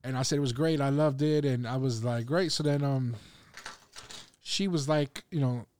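Animated New man telling a story. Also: mid-range voice, moderate pace, a little hiss or hum. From New York. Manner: animated storyteller, swears freely. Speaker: podcast co-host. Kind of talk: casual chat, storytelling.

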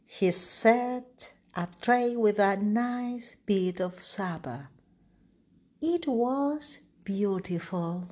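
A woman reading a children's story aloud, expressive and lingering on words. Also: medium pitch, very slow. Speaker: storybook reader. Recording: music playing underneath.

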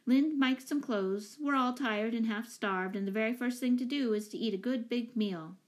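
A woman reading aloud, voicing a kind, practical mother who speaks warmly and matter-of-factly. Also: a little high, normal speed, natural voice. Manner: warm, firm and matter-of-fact.

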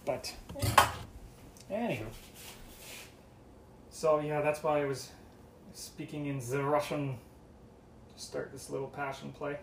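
While making breakfast at home, this Canadian podcast host rambles on his own, cracking jokes and swearing a lot. He speaks slowly in a slightly high, creaky voice with fairly even intonation and long pauses. Background noise includes the clatter of kitchen dishes and cutlery.

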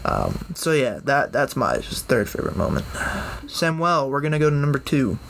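A young man co-hosting a casual sports chat, telling stories in an animated way with frequent laughs. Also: mid-range voice, moderate pace, creaky, noisy background. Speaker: podcast co-host.

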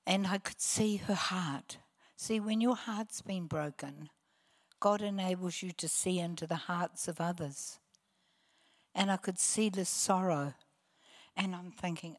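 Slow-talking older New woman preacher. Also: on the low side, big-room sound. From New Zealand. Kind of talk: testimony sermon.

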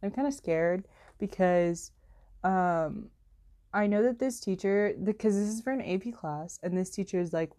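A teenage girl chatting casually to camera as a student vlogger, rambling and peppering her talk with "like" and "literally", her voice jumping up when she gets exasperated. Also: moderate pace. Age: teens. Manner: rambling, heavy use of "like" and "literally"; animated, jumps in pitch when exasperated.

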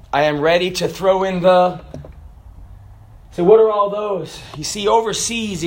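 A middle-aged man preaching a sermon, moving from quiet, chatty asides to loud, shouted preaching. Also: fairly high pitch, reverberant.

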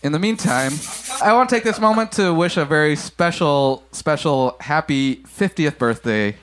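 Picture a podcast host, a man with a fairly high voice, chatting casually with his co-hosts. He jokes easily and talks in quick, loose bursts. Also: expressive, fairly bright tone, slight background noise. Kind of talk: casual chat.

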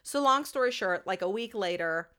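Podcast co-host, woman, bright voice, ranting and swearing casually. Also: mid-range voice, lively intonation, moderate pace. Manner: ranting storyteller, swears freely. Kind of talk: casual chat.

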